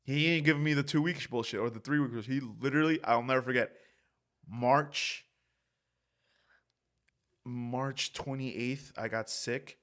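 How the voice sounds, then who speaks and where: A young adult man telling a story in a casual, animated, profane way as a podcast co-host. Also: mid-range voice, measured pace, long pauses.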